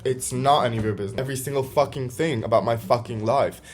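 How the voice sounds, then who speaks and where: A man's voice: mid-range voice, fast talker. A man vlogging an angry storytime rant about a friend, swearing and exasperated, quoting texts in mocking voices.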